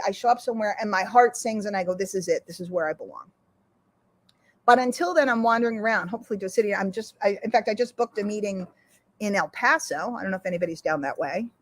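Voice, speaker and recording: A middle-aged woman hosting an online community, giving an emotional, earnest motivational talk that rallies her listeners. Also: on the high side. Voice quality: recovering lungs after illness. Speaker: community host.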